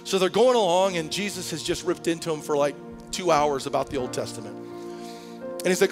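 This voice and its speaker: A man preaching a sermon as pastor, telling a story with lively energy that climbs to near-shouts. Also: a little high, normal speed, big-room sound, music in the background. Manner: animated storytelling, rising to shouts. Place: church sanctuary.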